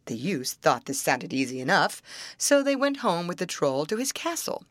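A woman narrating a fairy tale aloud, expressive and acting out the characters. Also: lowish voice, normal speed, dry recording, studio quality.

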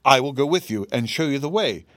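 A man reading an audiobook, voicing a kindly tin man emperor in a gentle, grave, measured way. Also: mid-range voice, lively intonation, dry recording, studio quality, voice pushed up, natural voice.

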